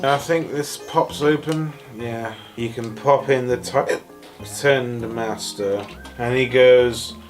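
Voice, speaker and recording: A man reviewing toys in a casual ramble, tipsy and hiccuping after shots, sarcastic and excitable, jumping from yelps to mumbles. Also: mid-range voice, takes it slowly, soft background music. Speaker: toy reviewer.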